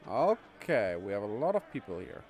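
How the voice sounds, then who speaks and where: A man's voice: lowish voice, big pitch swings, moderate pace, a little mellow, some chatter behind. A man casually commenting on his game playthrough, chatty and thinking aloud, often amused. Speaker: streamer.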